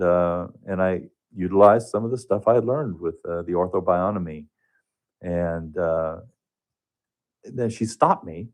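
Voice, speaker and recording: A man telling a personal story as a guest on a radio talk show, earnest and halting, often restarting his sentences. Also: low voice, a little mellow. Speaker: radio guest, hospice touch therapist.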